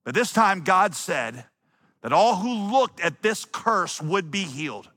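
A male pastor preaching a sermon, dramatic and building to shouts. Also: high-pitched, sing-song, takes it slowly, dry recording. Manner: dramatic, rising to shouts when quoting.

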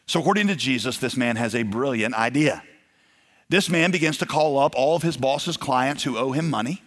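A man's voice: mid-range voice, animated, normal speed, a bit bright. A man preaching a sermon in a conversational way, acting out the quoted voices of his stories. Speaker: pastor. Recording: long hall reverb.

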